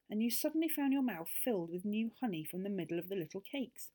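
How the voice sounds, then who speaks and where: A woman reading a children's story aloud in an expressive, animated way. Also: medium pitch, fast.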